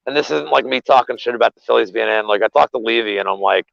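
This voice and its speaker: A man co-hosting a betting show, rambling in casual, profane sports chat with animated rants. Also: fairly low pitch, quick pace, gravelly, no room sound. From Philadelphia area. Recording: dull, lo-fi, dry sound.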